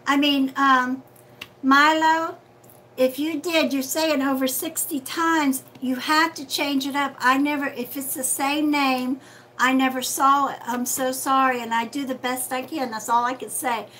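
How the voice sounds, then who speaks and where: A woman's voice: high voice, fairly even intonation, measured pace, bright, forceful tone, a little hiss or hum, rough recording. A woman hosting a casual livestream as a psychic reader, chatty and friendly, calling viewers sweetheart.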